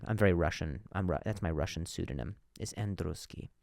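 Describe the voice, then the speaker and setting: A man's voice: low-pitched, brisk, creaky, hardly any pauses, darkish tone, no room sound, studio quality. A man hosting a comedy podcast, telling stories in a monologue, with a stutter and frequent repeated words and restarts.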